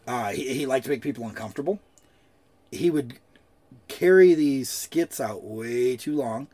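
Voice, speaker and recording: A man's voice: medium pitch, expressive, measured pace, dark tone. A man co-hosting a podcast, telling loose, jokey stories in casual chat and swearing freely. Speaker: podcast co-host.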